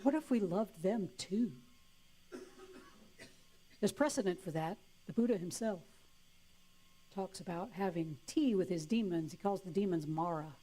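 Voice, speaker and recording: A woman's voice: fairly low pitch, lively intonation, a little slow, pauses often, dark tone, slightly rough. Playful woman minister preaching. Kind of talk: sermon.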